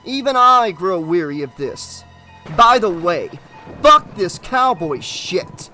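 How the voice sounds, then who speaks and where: Sneering demon salesman, loud and mocking, voiced by a male audiobook reader. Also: high voice, sing-song, takes it slowly, faint music behind, exaggerated voice. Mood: raging. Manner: shouting, taunting, mock southern drawl at times.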